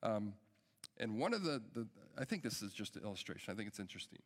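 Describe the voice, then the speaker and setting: A man's voice: lowish voice, big pitch swings, fast. A middle-aged man, a pastor, preaching a sermon in an earnest, emphatic way that builds with urgency. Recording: long hall reverb.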